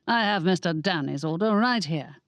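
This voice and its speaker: Lady putting on a proper british bunny butler, formal and polite, lively lilt. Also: on the low side, normal speed, no room sound. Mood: courteous. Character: prim British male talking rabbit.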